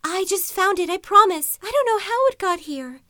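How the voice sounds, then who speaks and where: A woman voicing a frightened young girl who talks in a high, breathless, pleading way. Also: expressive, moderate pace, sharp tone, no room sound, clean studio sound, heavily acted.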